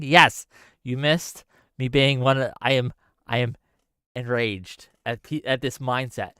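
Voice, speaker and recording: A man's voice: mid-range voice, fairly even intonation, a little slow, bright, forceful tone, smooth, dry recording. A male streamer talking straight to his live chat, emphatic and given to heated, swearing rants with asides to the audience. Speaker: streamer host.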